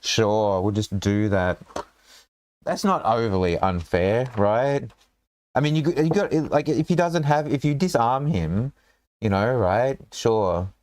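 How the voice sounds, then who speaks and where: A man's voice: medium pitch, slow, darkish tone, dry recording. A man with an Australian accent, chatting casually and joking as he draws a dungeon map, rambling with lots of fillers. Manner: rambling, joking, thinks aloud with many fillers. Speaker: dungeon designer and show host. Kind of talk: casual chat while drawing a dungeon map.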